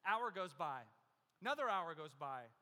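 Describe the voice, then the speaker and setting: A man with a high, bright voice delivers a sermon through a personal story. He is animated and self-mocking, slipping into the voices of the people he describes. His voice rings with a long reverb, as if he is speaking in a large hall. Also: moderate pace. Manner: animated, self-mocking humor, acts out other people's lines.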